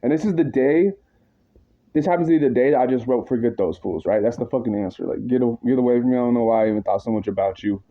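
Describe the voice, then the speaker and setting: A worked-up man rants to the camera in a long, rambling monologue, swearing freely and tossing in slang as he circles back over his point. His voice sits in an ordinary middle pitch. The audio is dull and a little lo-fi. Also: quick pace. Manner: agitated, profane, rambling with slang asides.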